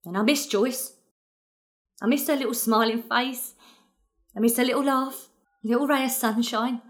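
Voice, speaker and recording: A fond, grieving working-class mother with a Cockney accent, played by a woman in a radio play. Her voice sits a little high, and she rambles in an earnest, apologetic way. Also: steady tone, normal speed, close to an everyday voice. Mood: apologetic pleading. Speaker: actor in an audio drama.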